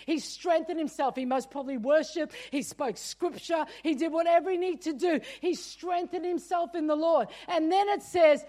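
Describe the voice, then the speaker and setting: A woman's voice: sits high, darkish tone. A woman pastor preaching a sermon, emphatic and personal, punctuating her points with "come on.".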